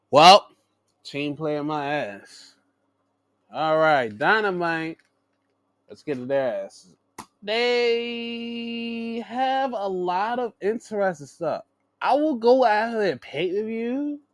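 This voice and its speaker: A young man hosting a casual wrestling recap, joking and swearing as he talks. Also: a little high. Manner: animated, joking, swears and laughs a lot. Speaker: show host.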